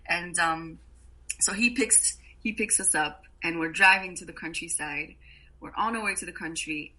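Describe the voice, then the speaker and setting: A woman guest on a podcast, telling travel stories in a casual, animated way and laughing often. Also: fairly low pitch, moderate pace, rough recording. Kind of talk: casual storytelling.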